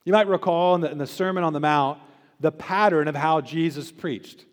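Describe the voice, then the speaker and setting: A male pastor delivering a sermon, pressing hard on key words and then dropping to a near hush at the ends of phrases. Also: a little high, normal speed. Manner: emphatic preaching, swinging between loud stresses and quiet drops. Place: church sanctuary. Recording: long church reverb.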